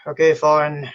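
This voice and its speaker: High-voiced man, halting, lo-fi audio. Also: fairly bright tone, breathy edge. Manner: halting, repetitive, full of fillers. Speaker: online panel guest. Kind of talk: livestream panel talk. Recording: dull lo-fi stream audio.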